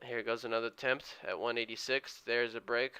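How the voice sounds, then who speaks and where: This day trader streams live with a running commentary, eagerly egging on each price move for his audience. He speaks briskly at medium pitch with flat delivery, his tone sharp, clear, and resonant.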